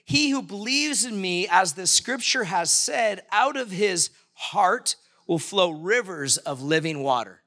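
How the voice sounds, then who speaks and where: A man preaching to his church congregation with a bright, forceful tone and a high-pitched voice. He talks in a conversational way and keeps asking the congregation questions. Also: animated, unhurried, hardly any pauses. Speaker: pastor. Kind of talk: sermon. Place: church, live-streamed service.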